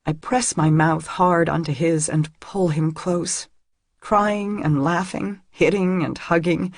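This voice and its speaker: A woman's voice: fairly low pitch, fairly even intonation, slow, dry recording. A woman narrating a first-person audiobook in an intimate, emotional reading on a close studio mic.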